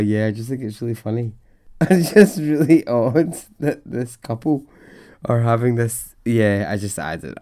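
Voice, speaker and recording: A Scottish man hosts his storytelling podcast in a casual, enthusiastic chat that wanders into asides. His voice sits fairly low and he takes his time. The sound is dry and close, with no room ring. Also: darkish tone, dry recording. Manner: chatty and enthusiastic, rambling asides. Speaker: podcast host.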